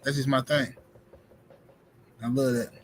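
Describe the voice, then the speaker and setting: A man's voice: mid-range voice, little pitch movement, a little slow, breathy edge, low-quality recording. A man in a laid-back, rambling casual podcast chat.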